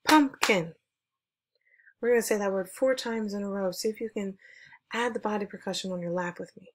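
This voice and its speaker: A woman music teacher giving an online lesson for children, speaking clearly and encouragingly as she leads call-and-response chants. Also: mid-range voice, fast, a little mellow, slight background noise.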